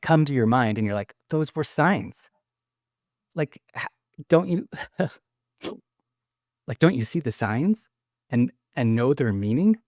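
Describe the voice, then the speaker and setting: A man's voice: medium pitch, darkish tone, dry recording. Earnest rambling man, dry close sound. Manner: earnest, rambling with many restarts and fillers. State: choked up with emotion. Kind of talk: emotional testimony in casual conversation.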